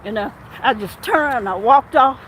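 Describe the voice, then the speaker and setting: A woman police officer telling a story while walking outdoors, animated and acting out the back-and-forth. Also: a little high, moderate pace, a little hiss or hum, poor audio. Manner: animated, acts out quoted exchanges. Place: outdoors on an urban street.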